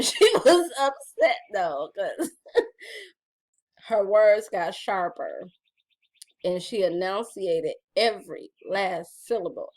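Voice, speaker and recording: A middle-aged woman talks straight to her audience in a loose, playful vlog chat, teasing them as y'all. Her pitch swings widely and brightly from phrase to phrase, full of animation. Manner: chatty, playful, addresses viewers as y'all. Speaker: vlogger reading her gratitude journal. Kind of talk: casual chat.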